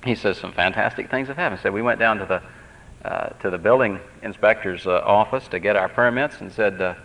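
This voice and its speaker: A man's voice: lowish voice, brisk, a bit bright. A man giving a sermon as pastor, earnest and conversational, repeating phrases as he tells stories. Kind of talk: sermon with personal storytelling. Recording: dull lo-fi tape recording.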